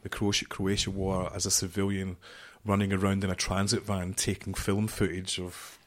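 A middle-aged man with a somewhat low voice recounts a tense story in a loose, conversational way. He swears freely, rambles, and peppers his speech with "you know" while speaking as a podcast guest. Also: completely flat delivery, moderate pace. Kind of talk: casual storytelling interview.

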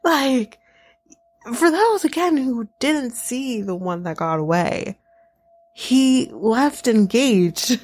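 Sarcastic, swearing woman podcast host. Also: fairly high pitch. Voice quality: blunt, sarcastic, swears freely. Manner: lively, laughing asides, addresses listeners. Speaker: podcast host recapping a reality show. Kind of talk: casual solo recap chat.

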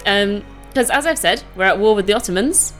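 A woman's voice: mid-range voice, expressive, a little fast, fairly bright tone, faint music behind. A woman co-hosting a casual comedy podcast, laughing easily as she tells a story. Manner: giggly, storytelling. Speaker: podcast co-host.

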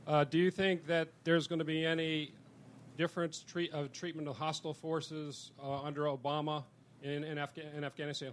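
Audience member, male, somewhat high voice, hesitant phrasing. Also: a little hiss or hum. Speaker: audience questioner.

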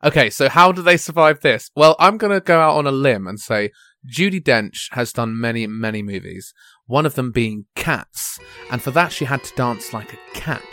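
A man's voice: mid-range voice, normal speed, bright, forceful tone, no echo, faint music behind. A man on a comedy podcast, teasing and mock-earnest as he improvises. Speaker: podcast co-host.

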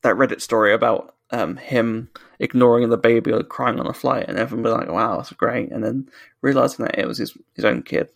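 Co-hosting a podcast, this man from the UK rants casually, swears heavily and keeps restarting to correct himself. He talks briskly in a steady, medium-pitched voice with vocal fry, and there is no echo.

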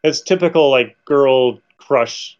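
A man's voice: medium pitch, slow pace. Guy making jokey asides, kinda muffled lo-fi sound. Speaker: podcast co-host. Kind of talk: casual chat. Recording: dull lo-fi sound.

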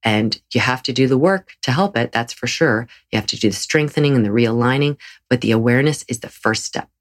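A woman's voice: a bass voice, a little fast. A woman hosting her own podcast as a yoga teacher, talking earnestly and encouragingly in a solo episode, with frequent restarts.

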